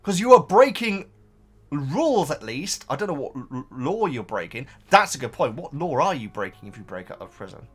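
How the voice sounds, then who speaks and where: A man's voice: a little high, big pitch swings, normal speed, a bit bright, slightly rough, soft background music. A man reading out viewer comments and chatting about them casually, wandering off into tangents and thinking aloud. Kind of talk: casual chat.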